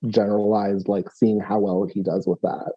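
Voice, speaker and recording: A man's voice: on the low side, level tone, normal speed, highs cut off. A man playing a tabletop role-playing game, explaining his character's move with many restarts and fillers. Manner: hesitant, many restarts and fillers, laughs often. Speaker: player.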